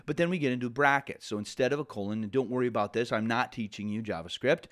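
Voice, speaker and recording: A man's voice: mid-range voice, fast talker. A man teaching a programming lesson in a conversational way, often restarting sentences and adding asides. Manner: conversational, self-correcting, with frequent asides. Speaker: programming instructor. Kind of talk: casual lecture.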